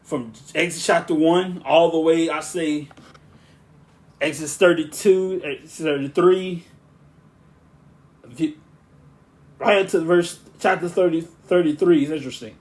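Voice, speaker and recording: A man hosting a podcast and speaking as a preacher, with a smooth, monotone, relaxing voice; he talks in a rambling way, often restarting his sentences. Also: fairly high pitch, a little slow, long pauses. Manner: rambling, with frequent restarts and asides. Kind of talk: casual podcast talk.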